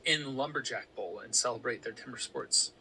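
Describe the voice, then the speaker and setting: A man co-hosts a casual podcast chat, informatively explaining facts he has researched. His voice is mid-range, bright, and forceful at normal speed, on a rough recording with a little hiss or hum.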